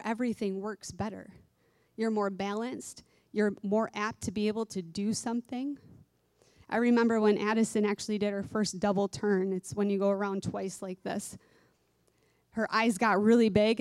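A woman's voice: medium pitch, a little mellow, no room sound. A woman who teaches dance giving an earnest devotional sermon, repeating key phrases for emphasis.

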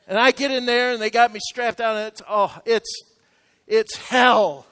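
A middle-aged man preaching a sermon, telling a personal story, swinging from quiet confessional asides to loud exclamations. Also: sits high, normal speed, clean tone. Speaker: pastor. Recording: long hall reverb.

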